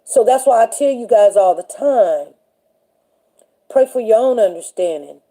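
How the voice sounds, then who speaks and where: A woman hosting a relaxed faith-themed livestream who talks in an animated, chatty way and laughs often. Her voice sits high but sounds warm and mellow rather than bright. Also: measured pace. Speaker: livestream show host. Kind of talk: casual faith chat with a live chat.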